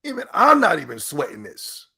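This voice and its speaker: A podcast host, a man with a slightly high voice, rants in a loud, animated way. He repeats phrases when he gets worked up and keeps laughing between his points. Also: normal speed, breathy edge. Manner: emphatic, animated, breaks into laughs. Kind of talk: ranting commentary.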